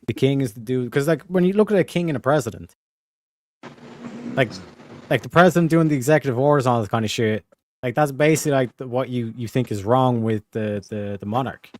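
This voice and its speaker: A man hosting a casual political chat stream, animated and profane, full of fillers. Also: medium pitch, slight background noise. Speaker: streamer host.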